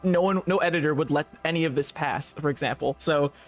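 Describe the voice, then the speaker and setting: Man, slightly high voice, casual game chat, laughs a lot, reads text aloud. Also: brisk. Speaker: podcast co-host playing a game. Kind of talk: casual let's-play chat.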